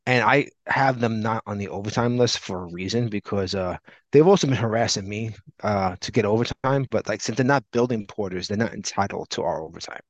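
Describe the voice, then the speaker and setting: A man's voice: lowish voice, a little fast, dry recording. A man co-hosting a podcast, telling a long story in casual chat, acting out the people in it. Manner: animated, rambling anecdote with acted-out quotes. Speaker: podcast co-host. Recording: dull lo-fi, dry sound.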